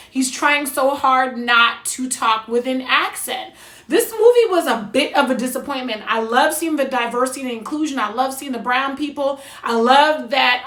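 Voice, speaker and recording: A high, bright-voiced woman from New Jersey talks through a movie review with blunt, sassy opinions. Her voice rings out in an echoey room. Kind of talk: casual review monologue.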